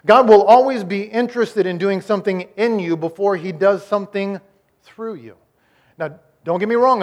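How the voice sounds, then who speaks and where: A man preaching a sermon as the pastor, swinging between loud emphasis and quiet, slowed-down lines, often repeating and restarting words. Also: high voice. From Iowa, United States.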